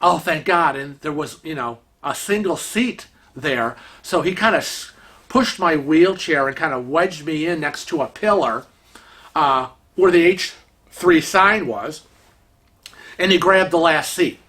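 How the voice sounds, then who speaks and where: Slow-talking man telling a bright-voiced story. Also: a little high, lively intonation. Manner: chatty, exasperated, acts out quotes. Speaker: vlogger. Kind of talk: casual storytelling.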